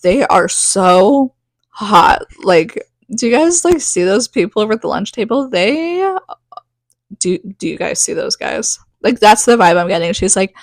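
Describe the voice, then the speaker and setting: A woman in her thirties with a medium-pitched voice and big swings in pitch hosts a podcast, with no room sound on the recording. She rambles through a casual recap of a novel, saying "like" constantly and acting out quick asides.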